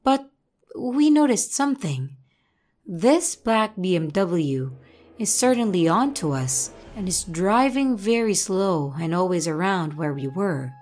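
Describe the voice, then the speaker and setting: A woman reading a viewer's true creepy story aloud, steady and dramatic. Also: fairly low pitch, measured pace. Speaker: narrator reading viewer stories. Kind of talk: scripted horror story narration.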